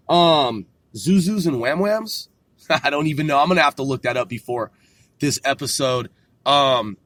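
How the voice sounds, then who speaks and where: A man's voice: a little high, fairly bright tone, no room sound. A man hosting a rambling solo talk from a car, loose and profane, laughing at himself. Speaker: podcast host.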